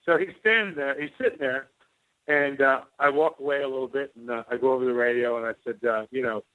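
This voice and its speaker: A man's voice: mid-range voice, quick pace. Man telling stories over a tinny phone line. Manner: rambling anecdotes, acting out both sides of dialogue. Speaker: interview guest, former White House officer. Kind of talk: casual storytelling interview.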